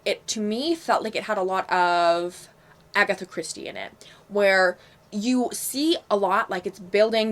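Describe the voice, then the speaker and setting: Young woman, casual book vlog, chatty, frank, mid pitch. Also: fairly bright tone. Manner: chatty, frank, fillers and asides. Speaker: book vlogger.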